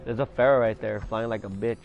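A young man chatting casually while gaming, excitable and cursing, jumping from yelling to muttering. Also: lowish voice, brisk, vocal fry, narrow, tinny audio, faint music behind. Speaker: gaming channel host. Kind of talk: casual gameplay chat.

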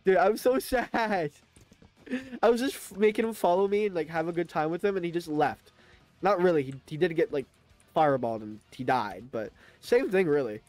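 A man streaming a video game live, talking to his chat in a chatty, excitable way. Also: fairly high pitch, fairly quick, faint music behind. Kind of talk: live gaming stream commentary.

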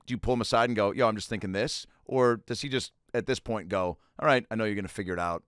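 A man hosting a podcast asks loose, rambling questions in an easygoing way. His voice is very low, and the recording is dry and close. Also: fast talker, fairly bright tone, no echo. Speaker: podcast host. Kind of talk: casual interview chat.

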